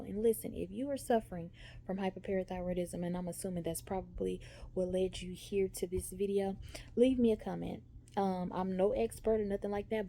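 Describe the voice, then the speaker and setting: A woman's voice: medium pitch, vocal fry, dark tone, slight background noise. A woman giving a chatty vlog update, telling a story and talking straight to her viewers. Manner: chatty, storytelling, says y'all and okay often. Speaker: vlogger. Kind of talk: casual talking-head update.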